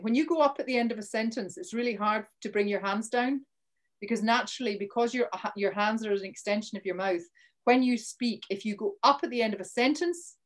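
A Scottish woman leads a live online training session over a video call. She talks in a chatty way, restarts her sentences often and punches out the words she wants to stress. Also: mid-range voice. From Scotland. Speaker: workshop presenter.

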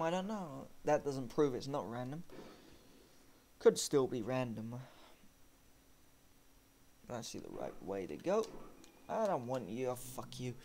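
A man narrates his own game playthrough in a loose, muttering way, cursing often and talking back at the game. His pitch swings widely from low grumbles to high bursts. Clear game noise and engine rumble sit underneath him. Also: big pitch swings, normal speed, long pauses, darkish tone. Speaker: gamer. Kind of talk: let's-play commentary.

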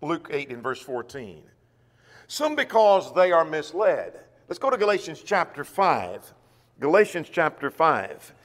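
A man's voice: fairly high pitch, a bit bright, big-room sound. A man preaching a sermon who reads scripture aloud and poses rhetorical questions to the congregation. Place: church auditorium.

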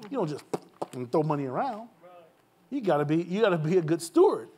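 A man's voice: a little high, very animated, fairly quick, warm tone, husky. A male pastor telling a personal story in an informal church Q&A, acting out the voices of the people in it and laughing at his own jokes.

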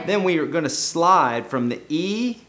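A man's voice: a little high, lively intonation, unhurried. A man giving a casual guitar lesson in a loose, joking, self-deprecating way. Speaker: guitar teacher. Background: guitar playing.

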